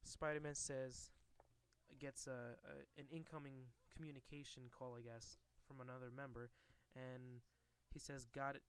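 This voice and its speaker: A man reads a comic book aloud in a casual, offhand way. His voice is smooth and clear. He hesitates often and restarts words as he goes. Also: medium pitch, level tone, a little slow. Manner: hesitant, with restarts and stumbles over names. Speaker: reader recapping a comic book. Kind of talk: casual reading aloud and commentary.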